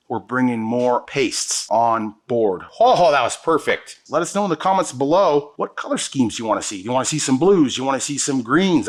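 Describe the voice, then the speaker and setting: A man teaching an epoxy pour as the show's host. He talks to viewers in an enthusiastic, slangy way while he works. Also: medium pitch. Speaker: epoxy countertop instructor. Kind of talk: hands-on product demonstration.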